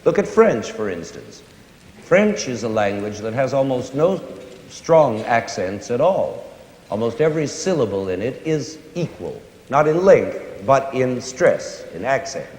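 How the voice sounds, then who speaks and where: A man's voice: medium pitch, a little slow. A man explaining music to a young audience in a concert hall, now and then singing or humming examples. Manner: animated, sings and hums examples. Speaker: conductor giving a concert lecture. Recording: roomy concert hall with long reverb.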